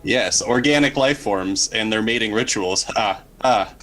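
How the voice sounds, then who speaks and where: A man's voice: on the low side, measured pace, a bit bright, low-quality recording. A man voicing a formal, playful android. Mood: earnest. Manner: stiff, overly formal speech. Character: cheerful, formal male android.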